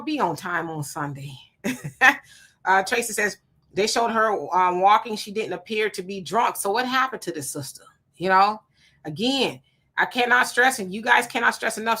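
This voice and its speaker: A middle-aged woman, hosting a live stream, reading viewer comments and telling stories in an animated, emphatic way; she is hot and sweating. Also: on the high side. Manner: animated storyteller, emphatic and preachy when warning.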